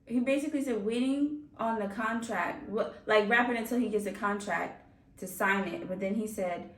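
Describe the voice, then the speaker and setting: A woman's voice: medium pitch, normal speed. A woman hosting a music reaction video, chatting casually and laughing often as she talks straight to her viewers. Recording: roomy sound from a distance off the mic.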